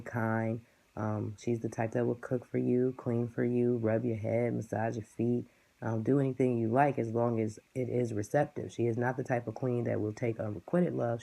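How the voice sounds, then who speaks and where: A man giving a casual tarot card reading to his viewers, talking in a relaxed, musing way and stringing phrases together. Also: medium pitch, gravelly. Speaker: tarot reader.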